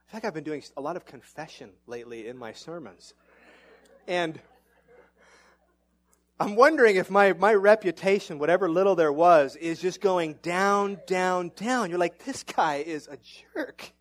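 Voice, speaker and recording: With a high voice at a normal speed, a middle-aged pastor preaches animatedly, often mocking himself. His pitch goes up further in his excited moments.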